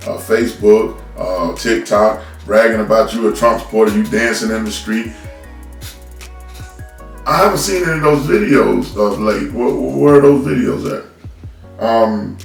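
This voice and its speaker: In a creaky, low-leaning voice, this commentary host goes on an unscripted political rant, scolding his audience bluntly and stumbling on repeated words. He's far from the phone he's talking into, so the recording sounds roomy and off the mic.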